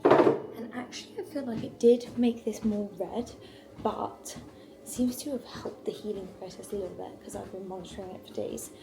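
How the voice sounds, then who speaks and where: Chatty woman with a gravelly voice. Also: medium pitch, steady tone, normal speed, very noisy. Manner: chatty and rambling. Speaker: lifestyle vlogger. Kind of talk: casual vlog chat to camera. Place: at home, walking on a walking pad indoors.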